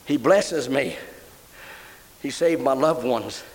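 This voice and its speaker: Taking his time, an older man delivers a sermon on a low-quality recording. He tells a story and mounts into fervent praise, reaching high emotional exclamations.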